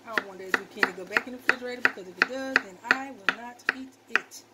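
A woman's voice: fairly high pitch, fast talker, heavy background noise. A woman chatting casually to her viewers while she chops vegetables in her home kitchen, folksy and talkative. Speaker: cooking vlogger. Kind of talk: casual cooking demo talk. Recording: loud knife chopping and kitchen clatter.

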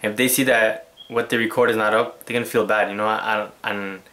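A young man hosting his own vlog, chatting in an animated, slangy way and acting out quotes. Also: lowish voice, brisk. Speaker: vlogger host. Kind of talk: casual vlog chat.

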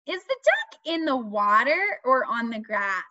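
A woman teaching young children, asking questions in a slow, sing-song way and stressing key words. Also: on the high side, expressive, sharp tone. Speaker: children's speech and language teacher. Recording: dull lo-fi dry recording.

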